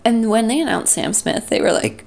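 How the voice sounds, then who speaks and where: A woman's voice: on the high side, lively intonation, normal speed, gravelly, a little mellow. A woman co-hosting a podcast in casual chat, giggly and rambling, with lots of "like". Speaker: podcast co-host.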